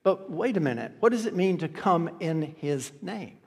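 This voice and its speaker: High-voiced preacher in an echoing hall. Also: male voice, lively intonation, moderate pace. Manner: emphatic, repeats key phrases, swings loud and soft. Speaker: pastor. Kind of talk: sermon. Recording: long reverb of a large hall.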